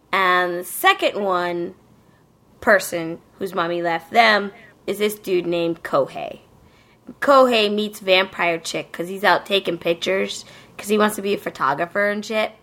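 A woman's voice: medium pitch, fairly bright tone. A woman hosting a casual podcast, recapping an anime in a rambling, profane way full of fillers. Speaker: podcast host.

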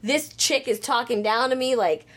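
A woman's voice: fairly high pitch, normal speed, fairly bright tone. Touchy shut-in guy, as a woman retells him. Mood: indignant. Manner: touchy, offended, complaining. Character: indignant shut-in young man.

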